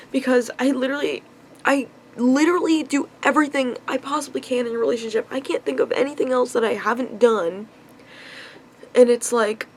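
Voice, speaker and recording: A woman's voice: on the high side, a little hiss or hum. A young woman venting about her love life in a confessional vlog, frustrated and upset, sighing often. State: upset, on the verge of tears. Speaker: vlogger.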